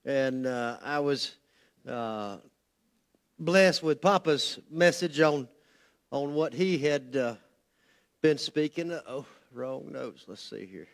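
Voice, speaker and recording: A man's voice: medium pitch, animated, slow pace, long pauses. A man, a pastor preaching a folksy, joking sermon in a church sanctuary. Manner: folksy, joking, loses his notes.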